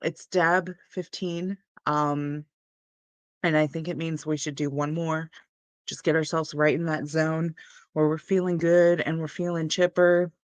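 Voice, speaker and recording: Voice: medium pitch, little pitch movement, unhurried, no echo. Chill young streamer just rambling to chat, dry close mic, mid voice. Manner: laid-back, rambling, chatty. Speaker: cannabis livestream host. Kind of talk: casual livestream chat.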